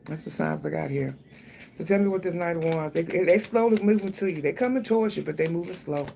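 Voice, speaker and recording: Gravelly, swearing, chatty tarot reader. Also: medium pitch, a little fast, mellow, faint music behind. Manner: loose, thinking aloud, frequent swearing; speaks directly to the viewer. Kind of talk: casual tarot reading.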